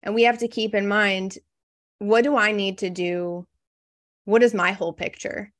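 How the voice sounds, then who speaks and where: A woman's voice: medium pitch, steady tone, moderate pace, fairly bright tone, no room sound, studio quality. A woman copywriter as a podcast guest in casual interview chat, frank and reflective, with many "you know" fillers.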